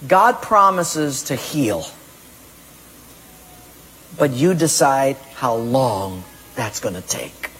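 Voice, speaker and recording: A pastor preaching a sermon, emphatic, acting out people's excuses in a raised voice. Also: male voice, mid-range voice, animated, extremely slow, pauses often, fairly bright tone, husky, big-room sound, poor audio.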